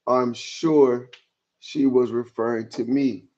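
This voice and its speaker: A man's voice: mid-range voice, fairly even intonation, slow, darkish tone, dull audio. A man giving casual commentary as he reacts to messages, often repeating words as he trails off.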